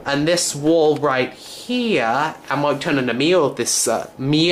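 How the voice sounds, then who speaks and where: An American teenage boy puts on a British accent while hosting a casual, rambling room-tour vlog in his bedroom, full of jokes and self-corrections. His voice is medium-pitched and fairly bright, a little slow, with slight background noise.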